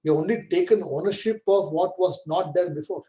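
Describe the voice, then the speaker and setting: High, warm, and fairly quick, this Vedanta teacher's voice comes across a rough recording. He patiently works through the scripture, checking in with "right?" and "correct?" to make sure listeners keep up.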